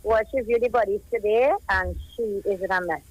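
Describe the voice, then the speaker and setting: A woman's voice: medium pitch, fairly quick, no echo, dull audio. A woman in her thirties with a Trinidadian accent, calling in to a live radio show and talking at length through her grief about a lost young relative. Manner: grieving, rambling, emotional storytelling. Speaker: caller, cousin of a child who died. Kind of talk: live radio phone call. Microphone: telephone.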